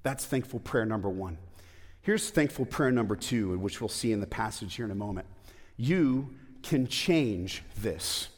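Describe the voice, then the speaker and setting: In a church with long hall reverb, a pastor preaches conversationally, tossing out rhetorical questions and playful asides. His fairly low voice is husky, expressive and a little slow.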